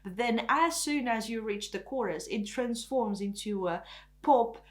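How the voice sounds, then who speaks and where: A woman's voice: fairly high pitch, unhurried. A woman whose first language is French, giving a casual, enthusiastic album review in a chatty way. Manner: enthusiastic, chatty, often says "freaking". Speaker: K-pop reviewer.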